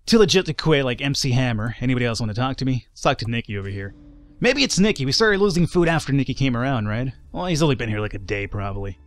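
Male let's-play host, mid-pitched, rambling casual game commentary with asides. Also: animated, quick pace, few pauses. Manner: rambling, chatty, lots of fillers and asides.

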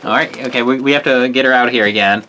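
A man co-hosting a toy review video in casual chat, playful and halting. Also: mid-range voice, very noisy.

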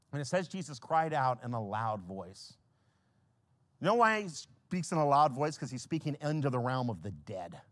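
A man preaching a sermon as pastor, telling Bible stories with humor and acting out the characters, dropping to a hush and then rising to a shout. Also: medium pitch. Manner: animated, swings from hushed to shouting when quoting scripture; storytelling, acts out biblical characters with humor.

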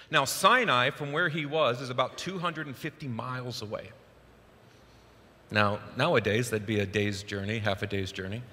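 Male pastor, animated sermon storyteller, forceful voice, long church reverb. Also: mid-range voice. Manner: animated storytelling, acts out Bible quotes. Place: church sanctuary.

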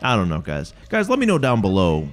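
A man's voice: on the low side, wildly swooping pitch, brisk, faint music behind. A young man co-hosting a let's play, chatting casually with loose, profane banter and frequent restarts. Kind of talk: casual gaming commentary.

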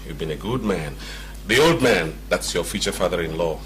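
A man's voice: sits low, expressive, moderate pace, fairly bright tone, slight background noise. An actor playing an airline captain who earnestly counsels his friend. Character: frank, brotherly airline captain. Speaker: flight captain. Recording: echoey room from far off, music behind.

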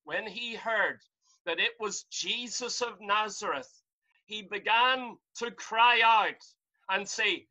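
A man's voice: sits high, slow, sharp tone, poor audio. A man preaching a sermon from home over a video call, fervent and pleading, rising to cries.

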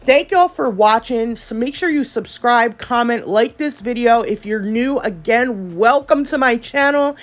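A woman's voice: fairly high pitch, lively intonation, unhurried, hardly any pauses. A woman nail vlogger, gushing in a chatty casual product review full of fillers.

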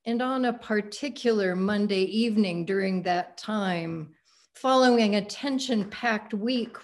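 A woman pastor giving a sermon, reading a passage aloud in a measured, expressive way. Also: a little high.

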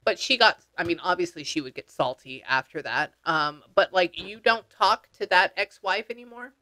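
A woman's voice: lowish voice, lively intonation, moderate pace, bright, forceful tone. A woman working as a psychic medium, talking casually with clients and relaying what she hears in a chatty way, with slang and the odd swear word. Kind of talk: casual session talk.

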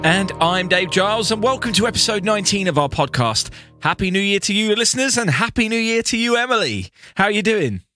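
Man co-host, upbeat podcast chat, lively, bright tone, dry close mic. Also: high voice, fairly quick, soft background music. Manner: upbeat and encouraging, animated intonation. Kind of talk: casual chat.

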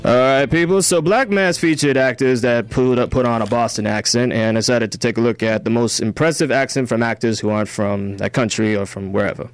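A man's voice: mid-range voice, a little fast, few pauses, clear, resonant tone, soft background music. A young man co-hosting a college radio film show, giving reviews and reading a countdown in an easygoing way. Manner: easygoing, filler-heavy. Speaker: radio co-host. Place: radio studio. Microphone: studio microphone.

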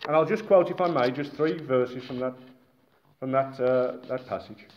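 A man from Britain preaching a sermon in a lively, conversational way with asides to his listeners. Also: medium pitch, normal speed. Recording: echoey, dull-sounding hall recording.

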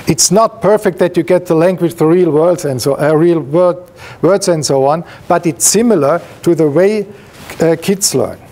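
A male professor is lecturing at an academic seminar, pointing at slides as he explains, with lots of fillers and restarts. His voice is on the high side and a little mellow, at a moderate pace.

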